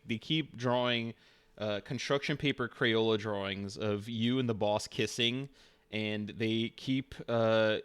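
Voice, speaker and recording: A man streaming and acting as game master, narrating casually with halting, amused delivery and frequent fillers. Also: lowish voice, clean tone.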